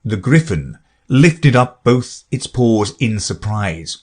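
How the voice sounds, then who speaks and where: A man narrating a classic children's story as an audiobook reader, with a slow, lively reading manner. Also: medium pitch, slightly rough.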